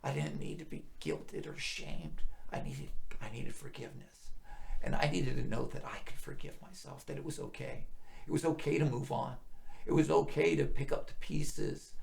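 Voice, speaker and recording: A middle-aged man with a deep, heavily gravelly voice tells his story of faith. He speaks earnestly and often sinks into hushed, near-whispered tones when the memories weigh on him. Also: fairly even intonation, moderate pace. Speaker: guest sharing testimony. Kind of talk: emotional personal testimony.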